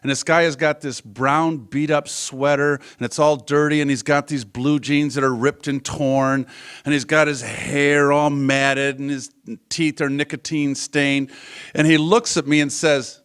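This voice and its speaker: A man's voice: fairly high pitch, moderate pace. A man telling a true personal story on stage at a storytelling event, conversational and acting out the dialogue. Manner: conversational, acts out dialogue with lively shifts.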